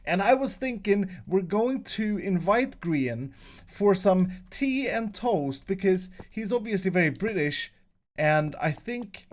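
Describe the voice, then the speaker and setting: A Swedish-accented man hosting a casual Minecraft commentary, playful and jokey, often restarting his sentences. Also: fairly high pitch. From Sweden. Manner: playful, jokey, frequent self-corrections and restarts. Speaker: host, Minecraft player.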